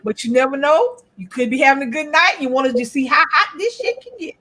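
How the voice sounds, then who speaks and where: Lively high-voiced woman, blunt and profane. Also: fairly quick. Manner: blunt, profane, laughs often. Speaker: co-host. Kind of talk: casual chat.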